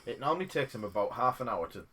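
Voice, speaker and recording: A man's voice: mid-range voice, sing-song, fast talker, pushed and bright, slight background noise. A man watching friends play a tabletop game, joining in with playful banter. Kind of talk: casual chat.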